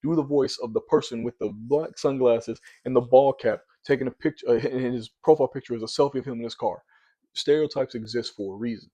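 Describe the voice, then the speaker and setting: A man giving casual reaction commentary, arguing his points with animated repeated words. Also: medium pitch, fairly quick.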